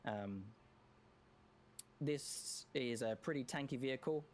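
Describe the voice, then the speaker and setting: A man talks through a speedrun in a loose, chatty manner, joking and backtracking mid-sentence. His voice sits at a middling pitch, with faint noise behind him. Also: a little mellow. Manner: chatty, self-correcting, quick jokes and laughs. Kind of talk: live speedrun commentary.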